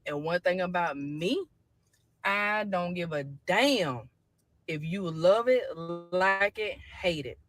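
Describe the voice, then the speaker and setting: A woman's voice: on the low side, lively intonation, slow, a bit bright, faint music behind. Blunt, defiant woman ranting to camera. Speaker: social media poster. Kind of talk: selfie video rant. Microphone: phone with camera filter.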